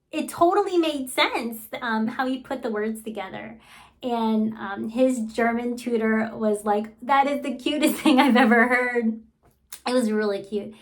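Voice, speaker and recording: Woman, 30s, casual vlogger, slightly high voice, enthusiastic and chatty. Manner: enthusiastic, fond storytelling with many fillers. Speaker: vlogger and homeschooling mother. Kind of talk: casual vlog talk.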